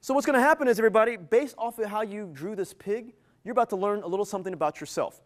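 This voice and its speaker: Male motivational speaker with a high voice, working a live crowd playfully. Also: racing. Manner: energetic, playful, teasing the audience. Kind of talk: interactive live keynote. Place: event venue with a live audience.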